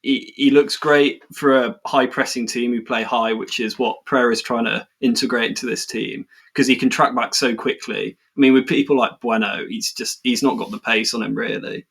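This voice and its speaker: Relaxed man talking football. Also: medium pitch, moderate pace, gravelly, hardly any pauses, breathy edge. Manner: relaxed, repeats words. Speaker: podcast co-host. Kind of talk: casual football chat.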